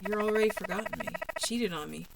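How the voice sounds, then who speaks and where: A woman's voice: mid-range voice, fast, creaky, heavy background noise, natural voice. A woman doing a bitter, accusing male ghost. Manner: cold, accusing. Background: game music.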